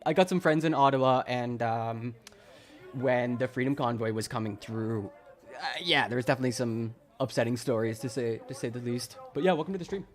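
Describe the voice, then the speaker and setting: A man from Wisconsin chats with viewers on a livestream, cracking sarcastic jokes and laughing a lot. His voice is medium-pitched and his pace moderate.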